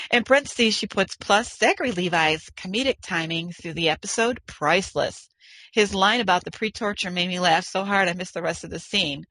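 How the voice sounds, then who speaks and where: Playful, bright-voiced woman co-host. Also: lowish voice, fairly quick, no echo, rough recording. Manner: playful, laughing, teasing. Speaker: podcast co-host. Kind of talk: casual chat, reading listener mail.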